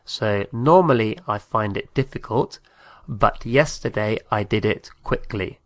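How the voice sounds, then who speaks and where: A man with a low voice teaches a language lesson at a very slow pace. He says each phrase and then repeats it, sometimes spelling a word out letter by letter. He is recorded close up in a dry room. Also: no room sound.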